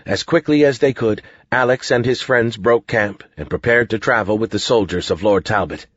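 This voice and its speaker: A man reads a fantasy audiobook in a measured, even voice. His voice is husky and mid-pitched. The recording is dry and dull, with a lo-fi sound. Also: dry recording. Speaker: audiobook narrator. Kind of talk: scripted narration.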